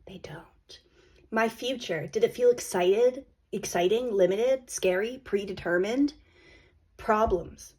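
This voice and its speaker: A woman's voice: mid-range voice, a little slow, dark tone, husky. A woman hosting a podcast, giving a blunt, emphatic motivational monologue and swearing freely. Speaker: podcast host.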